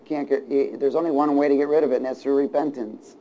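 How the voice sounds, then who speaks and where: A man preaching with an ordinary, middle-pitched voice. He keeps asking the congregation for a response and chuckles between points. His volume swings from quiet asides to ringing statements. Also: fairly even intonation, fast talker, muffled recording, a little hiss or hum. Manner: chuckles between points, shifts from hushed to loud. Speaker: pastor. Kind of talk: sermon.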